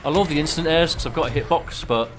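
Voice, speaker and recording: A man's voice: a little high, quick pace, over music. A man co-commentating a fighting game match, analytical with dry jokes. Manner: analytical, wry jokes about players' choices. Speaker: esports co-commentator.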